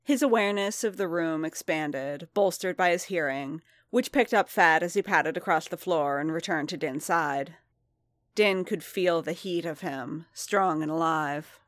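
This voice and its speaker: A woman reading a story aloud in a steady, even narration. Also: sits low, measured pace, no echo, studio quality. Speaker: reader. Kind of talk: audiobook-style story reading.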